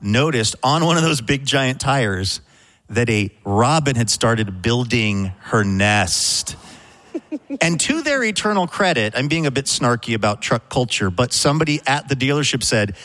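A man's voice: mid-range voice, big pitch swings, unhurried, fairly bright tone. A middle-aged man hosting a radio show, telling a news story in a chatty way with wry, self-mocking asides. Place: radio studio.

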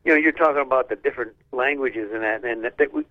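A man's voice: medium pitch, fast talker, no echo. An older man chatting loosely and offhandedly, dropping the odd casual swear. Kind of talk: casual chat. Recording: thin phone-line sound.

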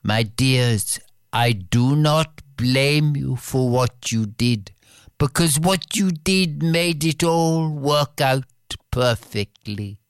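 A woman playing a gentle young fairy-tale princess, gracious and earnest, slow, smooth, dry. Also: rumbling low, no echo.

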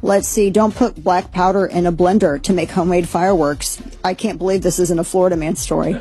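A woman's voice: on the low side, steady tone, brisk, mellow, husky, soft background music. A woman talk show host, giving a casual, rambling rundown of news stories with lots of fillers.

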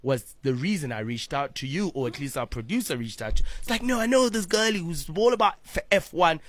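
A man's voice: a little high, animated, fairly quick, no room sound. A man hosting a radio show, playful and teasing with his guest. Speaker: radio host. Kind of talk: lively radio banter. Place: radio studio.

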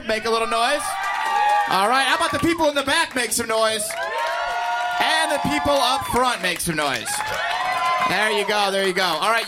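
A man working as a comedy club emcee, loud and teasing as he hypes the crowd. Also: high-pitched, very noisy. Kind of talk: hyping the crowd.

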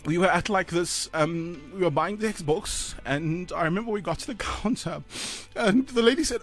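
A man in his thirties with a South African accent, co-hosting a breakfast radio show, speaking haltingly with sighs, choked up and close to tears. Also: high-pitched, soft background music. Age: 30s. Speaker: radio co-host. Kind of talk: emotional radio chat.

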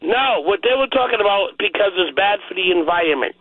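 New guy calling in over a thin phone line, pretty high voice, chatty and worked up. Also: animated, fairly quick, dry recording. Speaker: caller. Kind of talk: call-in radio chat.

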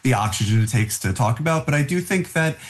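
A man of mid pitch talks through his thoughts in a casual podcast. He searches for words as he goes, and his voice leaps upward whenever he stresses a point. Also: lively intonation, fast. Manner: thoughtful, many fillers and restarts, jumps up in pitch on key words. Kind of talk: casual discussion.

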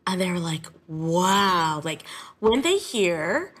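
A woman's voice: on the low side, big pitch swings, unhurried, husky. A woman music teacher talking in an interview, chatty and openly emotional.

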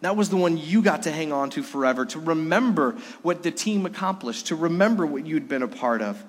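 Earnest middle-aged male pastor, sermon delivery, pitched a touch high, long reverb trailing each line. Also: lively intonation, fairly quick. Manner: earnest, swinging between soft lows and emphatic highs.

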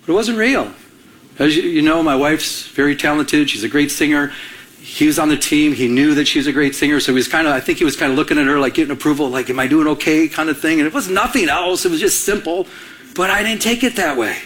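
A pastor with a slightly high voice speaks quickly as he preaches, weaving a personal story into his sermon. He's an animated storyteller, acting out the quoted dialogue as he goes.

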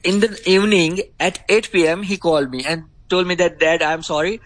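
A middle-aged man with an Indian accent, a grieving father answering interview questions in a halting way with many pauses. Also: sits high, poor audio.

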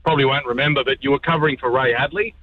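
A man's voice: mid-range voice, very fast, no room sound. A man with an Australian accent calling in to a radio show, grateful and a little emotional. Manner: grateful, emotional, calls host mate. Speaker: caller. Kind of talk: call-in radio chat. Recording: muffled phone line.

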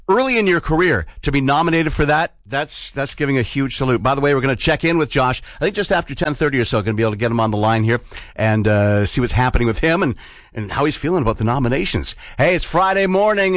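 A man's voice: a little high, a bit bright, no echo. A man hosting a morning radio show, talking in a loose, upbeat, rambling way. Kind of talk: casual radio chat.

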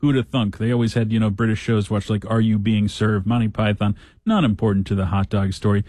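A man's voice: on the low side, little pitch movement, a little fast, dark tone, dry recording, studio quality. A man hosting a talk show, giving casual news commentary with sarcastic, joking asides.

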